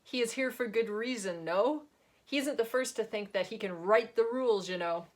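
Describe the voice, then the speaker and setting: A woman's voice: on the low side, moderate pace, close to an everyday voice. A woman voicing a stern, condescending older matron who speaks in a haughty, clipped way.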